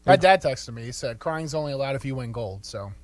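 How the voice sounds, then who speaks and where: A young man co-hosting a sports radio show, making wry, deadpan jokes in casual chat. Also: mid-range voice, fairly quick. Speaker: radio co-host.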